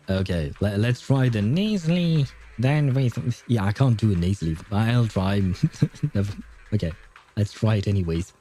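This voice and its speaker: A man's voice: fairly low pitch, lively intonation, moderate pace, mellow, faint music behind. A man giving casual, rambling gameplay commentary, often correcting himself and laughing. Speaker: streamer.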